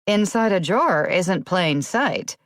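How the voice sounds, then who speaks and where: Woman narrator doing a curt, muttering detective in his forties, low voice, audiobook. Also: expressive, slow, no room sound, clean studio sound. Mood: grumbling. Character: grumpy fussy male detective in his forties.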